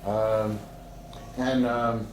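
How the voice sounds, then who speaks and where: A man teaching a Sufi breathing practice to a group, talking in a slow, halting way with many fillers and restarts. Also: on the low side, level tone. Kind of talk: relaxed spoken instruction to a seated group. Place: indoor room with a door to the street. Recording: roomy echo with faint street noise.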